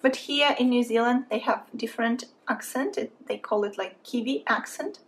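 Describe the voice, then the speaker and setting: A woman's voice: on the high side, moderate pace. A woman from Saint Petersburg with a Russian accent, chatting in a friendly way as she narrates a drawing tutorial. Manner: chatty, friendly, thinking aloud while drawing. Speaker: art instructor.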